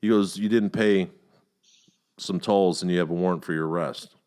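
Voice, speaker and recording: A middle-aged man tells a rambling story on a casual podcast. His voice sits on the low side, and he swears freely and flares up when he quotes himself. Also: moderate pace. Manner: profane, animated anecdote-telling. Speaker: podcast host.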